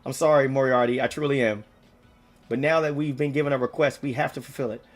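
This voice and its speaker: A man reading game dialogue aloud, voicing a grave, formal older male noble who speaks in measured, flowery sentences. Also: mid-range voice, steady tone, faint music behind, natural voice. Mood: resolute. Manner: measured, formal, ornate speech.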